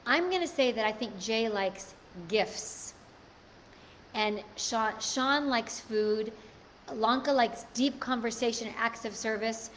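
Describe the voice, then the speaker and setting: A woman's voice: on the high side, slow pace, a bit bright, a little hiss or hum. A woman hosting a live stream, chatting casually and answering viewer comments. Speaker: livestream host.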